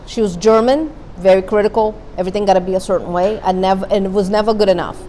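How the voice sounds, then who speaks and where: A woman's voice: mid-range voice, fast, mellow, a little hiss or hum, low-quality recording. A woman therapist giving an earnest, candid talk to a parent support group, repeating her key points. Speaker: guest speaker, therapist. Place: meeting room.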